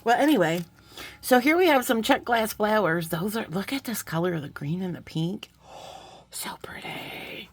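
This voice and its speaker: A woman hosting a beading channel, talking casually through an unboxing with bubbly, excitable asides. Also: mid-range voice, no room sound.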